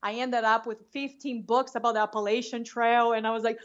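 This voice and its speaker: Animated woman telling a story. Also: fairly high pitch, fairly quick, lo-fi sound. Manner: animated, with many restarts and repeats. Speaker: interview guest. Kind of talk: casual storytelling.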